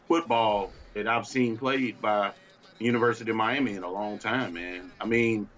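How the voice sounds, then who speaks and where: Male sports talk co-host, exasperated rant, mid-low voice, dull lo-fi sound. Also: fairly bright tone. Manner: fiery, exasperated ranting with laughter. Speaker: podcast co-host.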